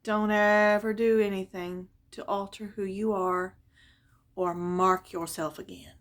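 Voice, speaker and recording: A woman voicing a loving elderly grandmother, speaking softly and reassuringly in a retold family story. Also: mid-range voice, steady tone, unhurried, natural voice. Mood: tender. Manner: soft, tender, reassuring.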